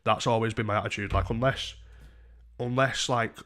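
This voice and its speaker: Sweary young streamer. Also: male voice, fairly low pitch, moderate pace. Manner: sweary, rambling, animated. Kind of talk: casual storytelling to a stream.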